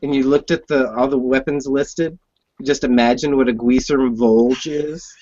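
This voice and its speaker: A man's voice: medium pitch, fairly even intonation, moderate pace, mellow, dry recording. A man hosting a podcast, talking enthusiastically about the books with many stumbling restarts. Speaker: podcast host. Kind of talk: podcast interview chat. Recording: dull, dry lo-fi audio.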